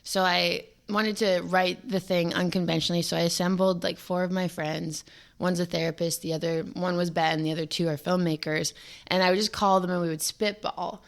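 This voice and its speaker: Chatty young woman filmmaker, low voice. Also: moderate pace, vocal fry. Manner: animated, chatty, peppered with "like". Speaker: filmmaker and lead actor. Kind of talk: casual interview answers.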